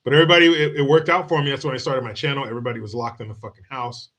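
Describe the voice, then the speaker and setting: A man's voice: medium pitch, fairly even intonation, very fast, fairly bright tone. Profane, joking male livestream host. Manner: laughs often while telling stories. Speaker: streamer and show host. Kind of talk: casual livestream chat.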